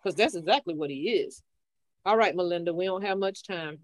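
A group leader who talks bluntly and plainly, giving direct advice and keeping time. The voice sits in a middle pitch and the sound is dry, with little room echo. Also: a little fast.

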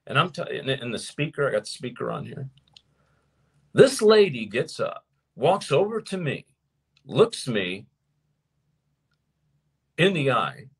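A man preaching and teaching to his viewers as host of his show, emphatic, slowing down to stress points. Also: mid-range voice, slightly rough. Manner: animated and emphatic, slows down to stress key points. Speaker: preacher hosting a live show. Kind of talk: sermon-style teaching to a live audience.

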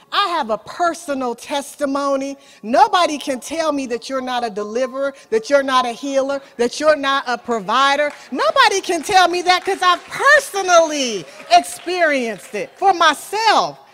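A woman preaching with a drawl. Her voice sits high and leaps around in pitch, and she calls out to the congregation with folksy asides. She takes her time, stretching out her key lines and dropping some to a near hush. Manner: call-and-response preaching, folksy "y'all", swings from loud to soft. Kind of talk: sermon.

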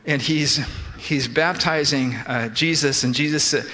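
Pitched on the high side, the preacher's voice is bright and forceful, moving a little slowly. In a church sanctuary with long reverb, he explains scripture in bursts that keep restarting, quoting the people he describes.

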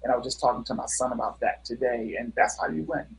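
A man's voice: medium pitch, fast, gravelly, a little hiss or hum, low-quality recording. A middle-aged man, a guest musician, telling stories in a casual interview with an earnest manner and many fillers.

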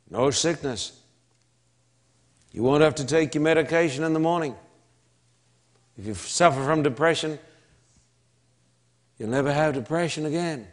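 An Australian man preaching a sermon at an unhurried, deliberate pace. His voice sits in an ordinary middle pitch, and he leans hard on each phrase, repeating words for emphasis and pausing between lines. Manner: emphatic, slow preaching with long pauses and repetition.

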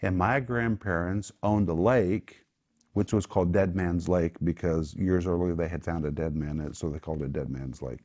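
Male pastor, low voice, emphatic sermon-style teaching. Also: a little mellow. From United States. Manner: emphatic, rises sharply on key words.

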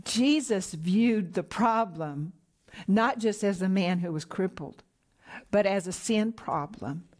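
A middle-aged woman minister preaching a sermon, slow and emphatic, sometimes dropping to a whisper for key points. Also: mid-range voice, a little mellow.

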